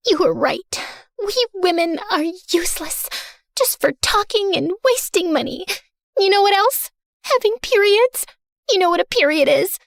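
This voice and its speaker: A young woman narrating an animated story as a spoiled, theatrical rich girl, sarcastic and self-centered. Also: very high voice, measured pace, gravelly, no echo, studio quality, full character voice. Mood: sassy. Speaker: first-person narrator.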